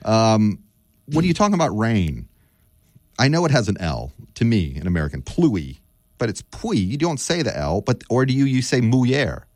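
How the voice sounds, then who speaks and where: A man's voice: mid-range voice, big pitch swings, moderate pace, darkish tone, no room sound. A man who is an author and professor, a guest in a radio studio interview, speaking thoughtfully and asking eager questions. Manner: thoughtful, asks eager questions, tries out French words.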